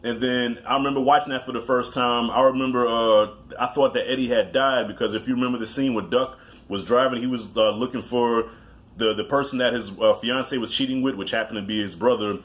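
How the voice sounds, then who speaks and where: A man's voice: mid-range voice, steady tone, brisk, a bit bright. A man giving a casual movie countdown, talking loosely with profanity, self-mocking asides and frequent restarts. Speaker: movie reviewer.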